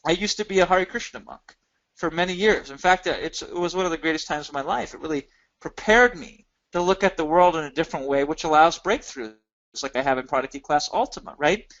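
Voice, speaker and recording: A middle-aged man pitches his product on a webinar with animated, emphatic energy, stacking short repeated phrases. His voice sits a bit high. The audio is dull and lo-fi, like a call. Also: brisk. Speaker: product seller on a marketing webinar.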